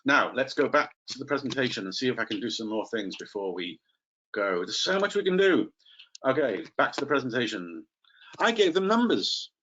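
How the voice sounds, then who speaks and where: A man's voice: mid-range voice, sing-song, normal speed, bright, forceful tone, highs cut off, a little hiss or hum. A man training teachers in a live online webinar, chatty and playful, calling on participants by name.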